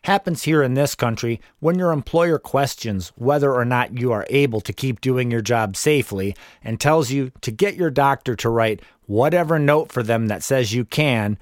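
A man's voice: mid-range voice, moderate pace, hardly any pauses, no echo. Man, memoir narrator, wry matter-of-fact delivery, dry booth sound. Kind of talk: first-person memoir narration.

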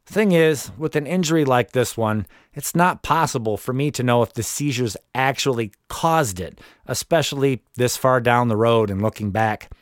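A man's voice: mid-range voice, no room sound. Man, memoir narrator, wry matter-of-fact delivery, dry booth sound. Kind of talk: first-person memoir narration.

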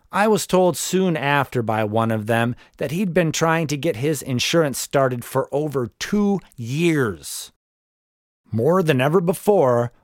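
A man's voice: medium pitch, dry recording, studio quality. A man in his forties reading his own memoir aloud in the first person, with wry, sardonic asides. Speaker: memoir narrator.

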